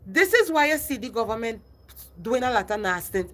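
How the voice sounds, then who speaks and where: A woman's voice: fairly high pitch, very animated, fairly quick, fairly bright tone. A middle-aged woman, ranting passionately on a phone livestream and repeating herself. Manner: impassioned, repetitive, addresses viewers by name. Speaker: livestream host.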